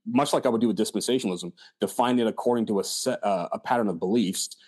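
A man's voice: fairly low pitch, fast talker, darkish tone. A man talking as an author in a casual discussion, hesitant and full of fillers and restarts. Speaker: author and scholar.

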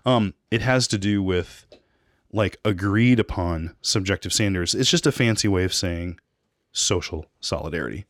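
A deep-voiced man co-hosts a podcast at a moderate pace, casually reviewing a debate with frequent restarts and asides. The recording is dry, with clean studio sound.

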